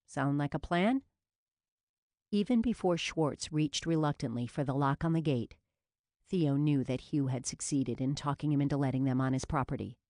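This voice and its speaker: A woman narrating a police novel as an audiobook in an even, measured reading. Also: rumbling low, dry recording, clean studio sound. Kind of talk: scripted narration.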